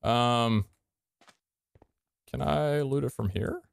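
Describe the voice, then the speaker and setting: A man giving casual gameplay commentary, excitable and swearing, with sudden loud outbursts and a voice that cracks. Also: mid-range voice, extremely slow, creaky. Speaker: gaming streamer.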